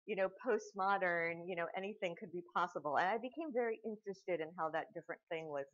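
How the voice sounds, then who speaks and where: A woman's voice: fairly low pitch, fast. A woman lecturer answering questions after a talk, storytelling with lots of fillers and restarts. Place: lecture hall. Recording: muffled lecture recording.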